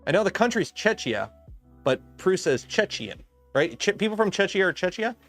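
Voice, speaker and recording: Rambling livestream host, man, slight lisp, fairly high voice, faint music underneath. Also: sing-song, moderate pace, fairly bright tone. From Canada. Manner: rambling, lots of "um" and restarts. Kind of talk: casual livestream chat.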